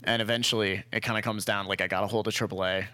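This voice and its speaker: A man's voice: lowish voice, flat delivery, fast, sharp tone, dry recording. Rambling young man telling a story. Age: young adult. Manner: rambling, swears freely, acts out quotes. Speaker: storyteller in casual chat. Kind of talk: casual chat.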